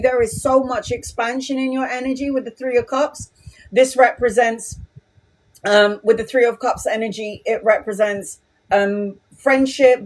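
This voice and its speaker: Middle aged lady doing a live tarot reading, swears a lot, blunt n lively, kinda high voice. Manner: blunt, profane, animated. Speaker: tarot reader.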